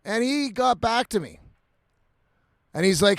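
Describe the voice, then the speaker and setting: A man's voice: very high-pitched, lively intonation, a little slow, gravelly, no room sound. A man ranting profanely in a casual vlog, slightly intoxicated, breaking into laughs. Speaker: vlogger.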